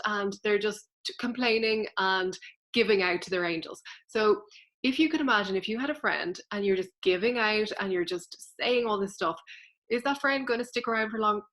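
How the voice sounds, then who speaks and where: A woman's voice: medium pitch, moderate pace, fairly bright tone. A woman, a spiritual teacher explaining things earnestly and directly to her viewers in a casual vlog.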